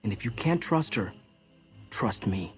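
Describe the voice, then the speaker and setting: An actor voicing a loyal, calm male apprentice with dangerous powers, speaking earnestly and persuasively. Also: lowish voice, unhurried, soft background music.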